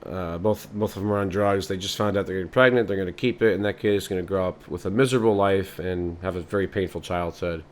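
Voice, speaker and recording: A man hosting a podcast, rambling through an improvised comic monologue in a meandering, deadpan way. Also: low-pitched, quick pace, hardly any pauses, slight background noise. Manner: meandering, deadpan, many fillers. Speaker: podcast host.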